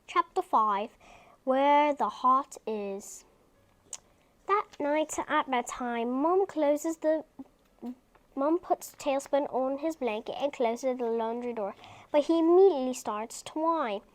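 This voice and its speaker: A woman's voice: high-pitched, slow pace. A woman reading a children's book aloud, breaking off into chatty asides.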